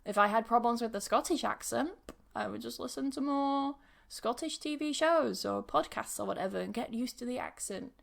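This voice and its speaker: Chatty Yorkshire woman, fairly high voice. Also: moderate pace, gravelly. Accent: Yorkshire English, mixed with some Bristol. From Yorkshire, England. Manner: chatty, frank, laughs often, loses her words. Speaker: podcast host and English teacher. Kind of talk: casual podcast monologue.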